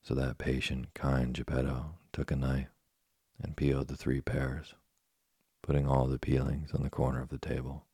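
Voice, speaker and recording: A man narrating a classic tale as a bedtime story, in a steady, soothing manner. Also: very deep voice, moderate pace, no room sound, clean studio sound. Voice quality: gravelly, husky. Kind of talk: slow bedtime story reading.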